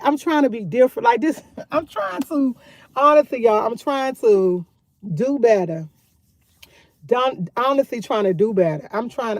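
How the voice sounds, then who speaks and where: A talkative woman, speaking in a somewhat high voice. She chats candidly and loosely on a phone live stream from outdoors, circling back to the same points. The sound is dry and close, with little room around it. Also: no echo. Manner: candid, talkative, repeats herself. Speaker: vlogger live-streaming to chat. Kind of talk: casual live-stream chat.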